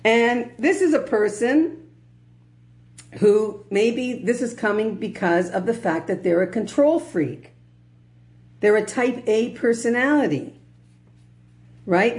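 A woman teaching a religious lecture in a conversational tone, with humorous asides and frequent check-ins with her listeners. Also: fairly high pitch.

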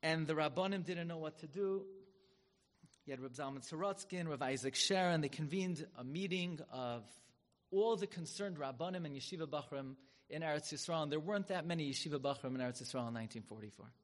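A man with a somewhat high voice tells a sermon as a dramatic story. His words carry a long reverb, as if he speaks in a large hall. He turns loud and high for the big moments. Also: brisk. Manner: dramatic, swells loud and high when acting out quoted rabbis.

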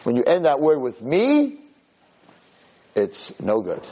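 A man giving a lively Torah lecture, who acts out scenes of shouting parents to make his points. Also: normal speed, low-quality recording. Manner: animated, acts out shouting parents in high pitch. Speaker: Torah teacher.

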